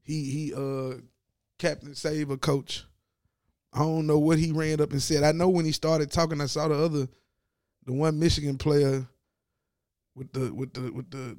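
A man giving a casual, profane sports commentary rant, animated and mocking as he talks. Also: fairly high pitch, normal speed, dry recording, studio quality.

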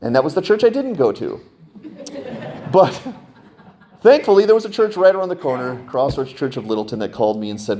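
Man, middle-aged pastor, sermon, animated storytelling, emphatic upward jumps. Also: medium pitch, brisk, long pauses.

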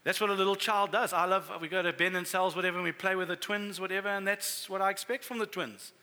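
A middle-aged man preaching a sermon as a pastor, telling family stories in a conversational, animated way. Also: sits high, fast.

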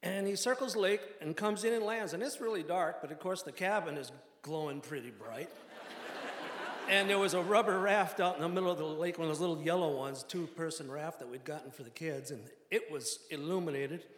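A man's voice: fairly high pitch, fairly quick, fairly bright tone, a little hiss or hum. An older man telling a personal story to a live audience in a wry, self-deprecating way, often laughing through his lines. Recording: echoey hall with long reverb.

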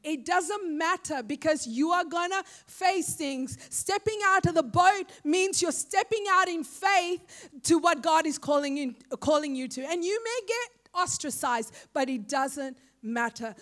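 Woman preacher with a high voice, delivering an impassioned sermon full of rhetorical questions. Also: lively intonation, unhurried, a bit bright. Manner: impassioned, asks rhetorical questions, calls out "Amen?".

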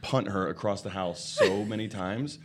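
A man's voice: on the low side, normal speed, over a noisy crowd. A man guesting on a podcast, joking and teasing in casual chat.

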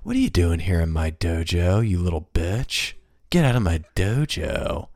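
A man putting on a low, growling, threatening voice to mock a smug 1990s movie villain. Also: sing-song, normal speed, darkish tone, no echo, clean studio sound. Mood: menacing.

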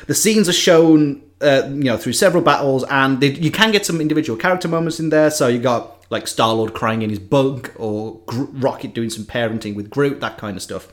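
A man in casual podcast chat, telling a film plot in an animated way with frequent asides. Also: medium pitch, brisk, hardly any pauses.

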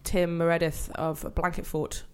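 A woman's voice: on the low side, flat delivery, a little slow, over a noisy crowd. A woman improviser chatting jokily on a comedy podcast, with fillers and trailing asides. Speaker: improviser guest.

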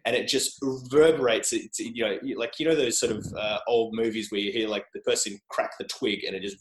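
A man's voice: on the low side, fairly even intonation, fairly quick. An Australian man chatting as a podcast guest, rambling and self-deprecating. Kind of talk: casual interview chat. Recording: roomy echo.

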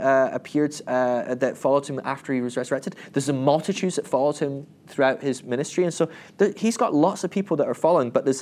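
Guy teaching the bible casually, rambly, keeps acting out the characters, mid-pitch voice. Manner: animated storytelling, acting out quoted voices; rambling with many restarts and asides.

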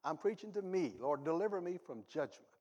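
Animated male pastor preaching in a reverberant church. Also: fairly quick, dull audio. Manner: animated, swings from low asides to loud exhortation; self-deprecating humor, reads ads aloud for laughs. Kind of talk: sermon. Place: church sanctuary.

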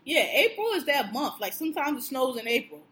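Animated, profane woman podcast co-host. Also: sits high, brisk. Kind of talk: casual chat.

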